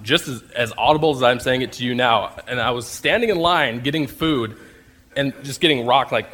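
A man's voice: medium pitch, moderate pace, bright, forceful tone, a little hiss or hum. A man telling a personal faith story, acting out scenes and laughing at himself as he goes. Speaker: speaker sharing a faith testimony.

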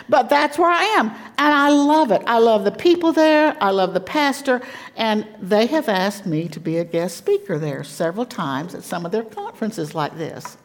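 A woman giving a personal testimony sermon as a guest speaker at a church conference, telling her story in an animated way and laughing often. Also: a little high, unhurried, slight background noise.

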